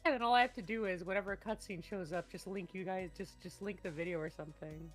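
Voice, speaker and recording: A woman game master chats casually on a call, rambling and restarting her sentences as she goes. Her voice sits at a middling pitch, with faint music playing underneath. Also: fast. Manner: rambling, restarts often, bursts into loud laughter.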